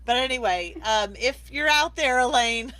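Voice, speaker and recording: A bright, lively woman hosts a live stream over a video call, chatty and enthusiastic with frequent laughs. Her voice is close and dry, with no room sound around it. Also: a little high, normal speed, no echo. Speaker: host of a live awards broadcast. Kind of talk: casual live-stream hosting.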